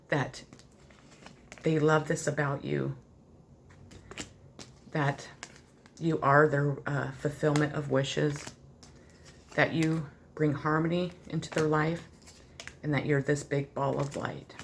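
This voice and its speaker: Low-pitched woman reading tarot cards to the viewer; heartfelt and rambling, with light background noise. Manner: earnest, heartfelt, loose and rambling with many fillers. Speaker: tarot reader.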